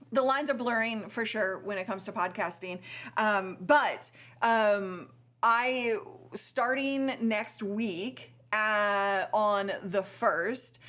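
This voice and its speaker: A woman's voice: a little high, a bit bright. A tired woman hosting a casual live stream, chatty, with frequent laughs and many fillers.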